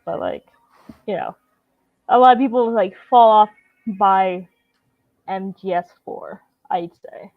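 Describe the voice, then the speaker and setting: A woman chatting casually as a guest streamer, at a mid pitch, in a relaxed way full of "like" and "you know". The audio is dull, lo-fi and dry. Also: slow pace, long pauses, no echo. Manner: relaxed, filler-heavy, with lots of "like" and "you know". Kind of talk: casual chat.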